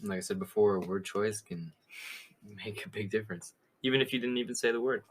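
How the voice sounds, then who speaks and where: A man's voice: lowish voice, fairly quick, a little hiss or hum. A man co-hosting a podcast, adding short remarks in casual chat. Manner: brief interjections and laughter. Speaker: podcast co-host.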